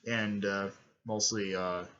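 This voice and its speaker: A man's voice: bright, forceful tone, lo-fi sound. Rambling young man retelling a fan story. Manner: rambling, full of fillers and self-corrections; briefly raises his pitch to act out quoted lines.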